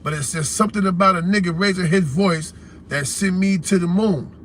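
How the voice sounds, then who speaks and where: This heated, casual livestream rant comes from a man with a New York accent who hosts a call-in stream, speaking bluntly and confrontationally in street slang. He talks a little fast in a high-pitched, fairly bright voice, with slight background noise.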